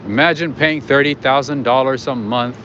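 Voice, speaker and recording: A man's voice: medium pitch, moderate pace. A man hosting a livestream walk, chatting casually and rambling to his viewers with lots of fillers while outdoors at night. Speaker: livestream host. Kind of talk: casual walking commentary to viewers. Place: outdoors on city streets at night. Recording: muffled with loud street noise.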